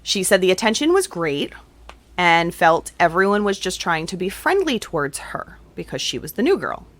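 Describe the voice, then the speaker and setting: A woman hosting an advocacy podcast who narrates a guest's story and discusses it, in a measured storytelling manner. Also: on the low side, sing-song, a bit bright. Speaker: podcast host.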